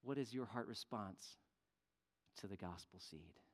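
A man preaching a sermon, telling a story with animated voices for the people in it. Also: lowish voice, unhurried. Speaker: pastor. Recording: long hall reverb.

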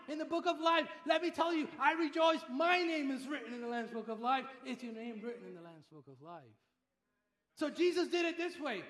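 An older man delivers a lively sermon, acting out the people in his stories. His voice sits very high and sounds bright and forceful. The room around him is echoey. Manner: animated storyteller, acts out quoted voices. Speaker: pastor.

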